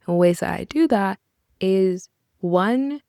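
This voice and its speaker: A woman's voice: medium pitch, lively intonation, takes it slowly, creaky, mellow, clean tone, dry recording, clean studio sound. A young woman hosting a podcast, speaking in an earnest, encouraging way with casual asides. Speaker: podcast host. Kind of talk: reflective podcast monologue.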